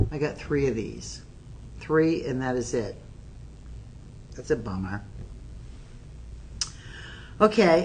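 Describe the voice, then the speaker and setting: A woman hosting a live shopping stream, talking straight to viewers in a chatty, excitable sales pitch while filming on her phone. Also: background noise. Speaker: shopping channel host.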